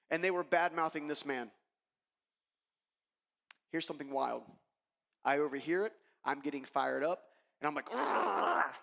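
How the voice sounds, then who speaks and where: A man gives a motivational keynote in a high-pitched, slightly bright voice, forcefully sharing a personal story and speaking straight to his listeners. The sound carries the long reverb of a large hall.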